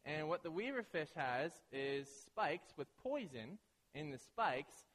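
Higher-voiced male preacher in a reverberant hall. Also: big pitch swings, takes it slowly, fairly bright tone, a little hiss or hum. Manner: conversational, keeps asking "right?"; acts out quoted voices. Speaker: pastor. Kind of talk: sermon.

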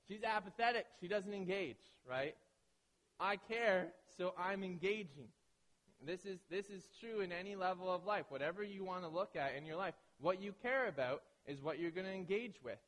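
A male pastor with a fairly high voice delivers a sermon, telling animated stories and briefly acting out the people in them. His voice rings with the long reverb of a large hall. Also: normal speed. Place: large hall with an audience of about a hundred.

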